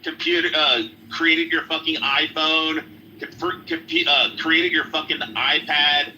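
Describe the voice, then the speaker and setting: A man's voice: on the high side, steady tone, a little slow, pushed and bright, slight background noise, rough recording. A man in a heated podcast argument, swearing constantly and hurling insults. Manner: profane, aggressive, hurls insults. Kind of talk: heated casual debate.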